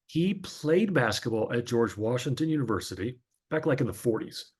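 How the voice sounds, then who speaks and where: A man's voice: medium pitch, big pitch swings, normal speed, darkish tone, breathy edge. A man in his fifties from northern New Jersey, a former sportscaster, telling his life story as an interview guest in a chatty, anecdotal way with frequent fillers.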